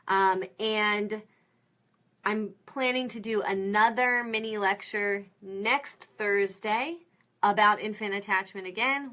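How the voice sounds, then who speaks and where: A woman with a bright, forward voice gives a relaxed mini lecture to parents. She explains each point plainly and now and then slips into little spoken examples of what to say to a child. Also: medium pitch. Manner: friendly and explanatory, with fillers and acted example phrases.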